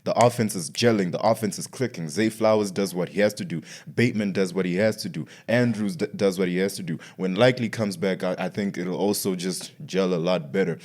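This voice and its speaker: A man's voice: low voice, a little fast, few pauses, darkish tone. A man hosting a casual sports podcast, ranting and repeating himself with slangy asides.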